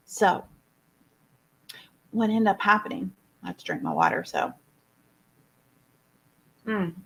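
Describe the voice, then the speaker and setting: A woman, a personal development coach, telling a personal story to an audience in an expressive way, full of fillers and repeated words. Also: mid-range voice, unhurried, pauses often, slightly rough.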